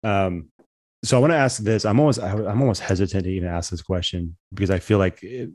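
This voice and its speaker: A man's voice: low voice, fast, darkish tone, no room sound, studio quality. A man hosting a casual podcast interview, affirming his guest and often saying "man". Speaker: podcast host.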